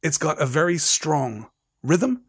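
A man's voice: on the high side, slow pace, breathy edge. Enthusiastic male literature lecturer. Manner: animated, enthusiastic, digressive and analytical. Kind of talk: literary lecture with slides and read-aloud passages.

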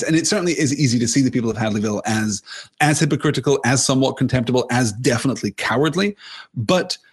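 A man giving a thoughtful film analysis, often rephrasing himself mid-sentence and stressing key points with lively emphasis. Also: fairly high pitch, slightly rough. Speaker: film commentator.

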